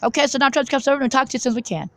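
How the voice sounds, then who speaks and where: A woman's voice: sits high, rapid-fire, fairly bright tone, slight background noise, poor audio. A woman giving a rambling, fervent monologue to her viewers from a coffee shop, with many restarts and stammered repeats. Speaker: vlogger.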